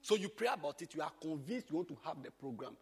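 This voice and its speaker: A pastor with a high, husky voice that leaps up and down as he teaches. He jumps from loud exclamations to quiet asides. The sound rings with a long echo, as if in a large hall. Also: lively intonation, quick pace. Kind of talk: informal church teaching.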